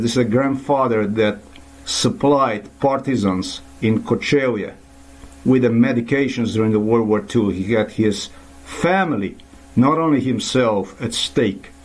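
A man's voice: medium pitch, husky. Man, angry profane rant to camera, rambling, mid-range voice. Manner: furious, profane, rambling with restarts.

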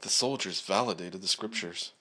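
A man preaching at a church service, praying and then reading scripture aloud in a measured way, with frequent "uh" and "um" fillers. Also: low-pitched, sharp tone.

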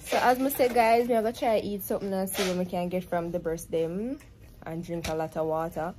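A woman's voice: lowish voice, fairly even intonation, fairly quick, noisy background. A woman with a Jamaican accent chatting casually to camera as a vlogger, telling a story and slipping into patois. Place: hospital maternity room, in bed.

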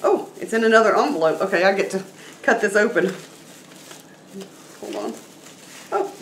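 A woman chatting to her viewers in an excited, gushing way, laughing often and sounding a little teary. Her voice is of middling pitch for a woman. The room is echoey, with a faint hum of ambience behind her. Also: normal speed, creaky. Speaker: vlogger. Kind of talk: casual vlog chat. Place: room at home with a noisy chair.

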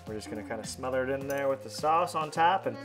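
Relaxed, chatty man cooking at home. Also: medium pitch, fast, music in the background. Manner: relaxed, chatty, explains each step. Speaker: family fishing channel host. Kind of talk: casual cooking vlog. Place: home kitchen.

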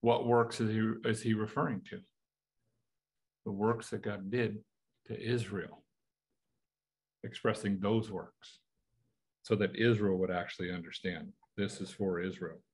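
Husky American male Bible teacher, casual and explaining, poses questions to his class. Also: lowish voice, steady tone, measured pace, long pauses. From United States. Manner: conversational, asks rhetorical questions.

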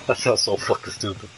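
Dude streaming a horror game, hyped and swearing a lot, game music going behind him. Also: male voice, fairly low pitch, rough recording. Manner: excitable, profane, hyping a fellow player. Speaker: gaming streamer. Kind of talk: casual gameplay commentary.

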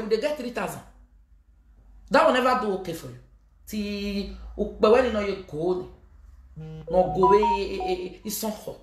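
In an echoey room, a woman with a Nigerian accent gives her fans an emphatic scolding in a vlog message, frequently switching to Pidgin. As a social media personality, she speaks with a medium-pitched, fairly bright voice.

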